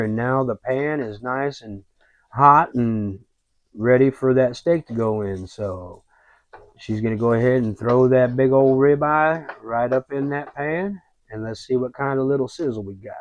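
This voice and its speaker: Man, cooking host, slow folksy narration, mid pitch, dry dull lo-fi sound. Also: no room sound. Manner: relaxed, folksy, rambling with fillers.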